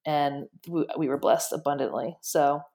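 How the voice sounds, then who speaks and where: A woman guest in casual interview chat, telling stories in an animated, excited way. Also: low-pitched, moderate pace. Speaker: guest, shelter director.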